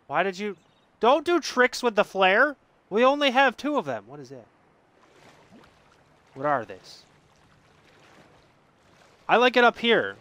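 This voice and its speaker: A man's voice: a little high, a bit bright. A man giving jokey let's play commentary, reading game text aloud and swinging from mutters to sudden yelps. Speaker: gaming streamer.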